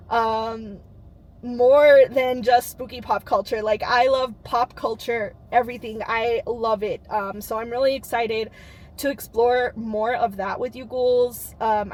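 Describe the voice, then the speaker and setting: A woman's voice: a little high, darkish tone. A woman in her thirties talking to camera in a bubbly, earnest vlog, with plenty of "um" and "like". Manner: bubbly, earnest, lots of fillers. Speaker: channel host.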